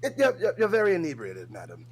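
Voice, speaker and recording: A man putting on a pompous, stuffy fancy gentleman with overly formal, mock-posh diction as a comedy bit on a livestream. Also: on the high side, huge pitch swings, fast talker, exaggerated voice.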